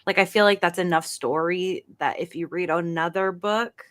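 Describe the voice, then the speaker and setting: A woman co-hosts a podcast in relaxed chat, pausing and filling gaps often. Her voice sits low for a woman. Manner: hesitant, many "like" fillers. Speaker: podcast co-host.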